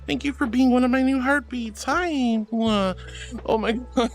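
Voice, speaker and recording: A woman's voice: sits high, a little slow, faint music behind. A woman VTuber chatting casually on a livestream, gushing thanks to her viewers with cutesy words. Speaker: VTuber streamer. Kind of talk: casual livestream chat reading chat. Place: VR streaming setup, indoors.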